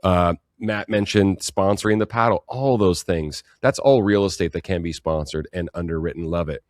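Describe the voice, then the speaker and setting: A man's voice: deep voice, moderate pace, darkish tone, no echo, studio quality. A man hosting a webinar, reading out audience questions in a friendly, enthusiastic way with casual slang. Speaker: webinar host.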